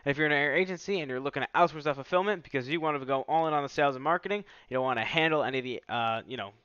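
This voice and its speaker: A man hosting a casual product demo, talking in a relaxed, enthusiastic, salesy way. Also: on the high side, racing, smooth, no room sound. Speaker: tech vlogger host. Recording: slightly muffled dry recording.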